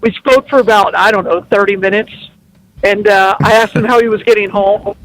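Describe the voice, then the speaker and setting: High-voiced man telling jokey stories. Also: steady tone, a little fast, a bit bright, no room sound, rough recording. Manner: jokey storytelling, playful teasing. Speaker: guest. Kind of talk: casual chat. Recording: radio broadcast.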